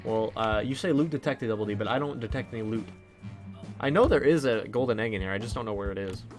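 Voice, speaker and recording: A man's voice: fairly low pitch, quick pace. Rambling man commenting on his game. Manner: rambling, lots of fillers and restarts, hums along. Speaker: let's play host. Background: faint game music.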